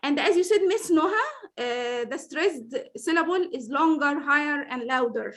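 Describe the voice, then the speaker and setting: A woman's voice: sits high, animated, normal speed, a bit bright, rough recording. A woman, an Arabic speaker, teaching English stress rules in an online class over a video call and encouraging her students. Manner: encouraging, many fillers.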